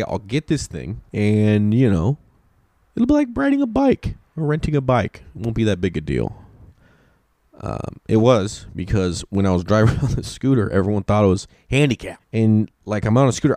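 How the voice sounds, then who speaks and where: A young adult man, a podcast host, telling a rambling, profane and excitable comic story in a casual way. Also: on the low side, dry recording, studio quality.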